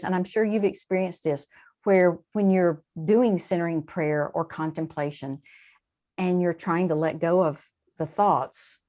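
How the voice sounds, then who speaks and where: A woman guest in an interview, explaining in a lively conversational way, with quick asides and frequent shifts in emphasis. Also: fairly low pitch. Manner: animated, warm-hearted explaining with quick asides and laughs. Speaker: translator and guest.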